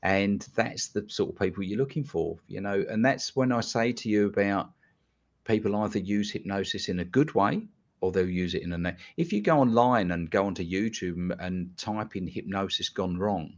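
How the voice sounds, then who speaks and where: Blunt man, low voice, lo-fi. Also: normal speed. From London, England. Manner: blunt, animated storyteller who swears casually. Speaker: guest hypnotist. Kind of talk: casual podcast storytelling. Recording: dull lo-fi sound.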